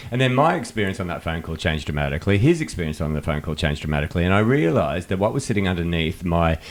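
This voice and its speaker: A man's voice: sits low, lively intonation, quick pace. A middle-aged man co-hosting a podcast, chatting casually and acting out old phone calls as he tells stories. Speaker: podcast co-host. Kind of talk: casual chat.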